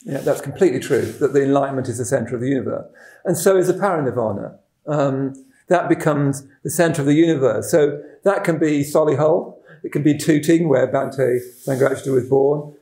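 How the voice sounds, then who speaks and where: Rambling teacher, echoey room. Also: male voice, medium pitch, fairly quick, warm tone. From West Midlands, England. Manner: rambling, self-deprecating, with frequent fillers and restarts. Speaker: Buddhist teacher. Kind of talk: dharma talk.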